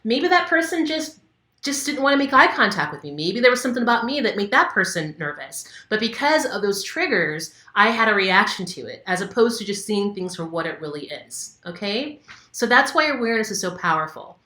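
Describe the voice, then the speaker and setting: A woman's voice: medium pitch, sing-song, a little fast, pushed and bright, reverberant. A woman wellness coach talking casually to camera, candid and conversational with many fillers. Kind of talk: casual instructional talk to camera.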